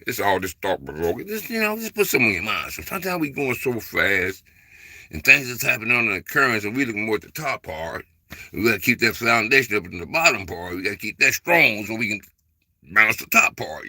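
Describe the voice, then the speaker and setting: A man's voice: lowish voice, bright, forceful tone, no room sound. A man hosting a casual chat with viewers, rambling loosely with lots of fillers and informal dialect speech. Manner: rambling, loose, filler-heavy, repeats "man" and "you know". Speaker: livestream host.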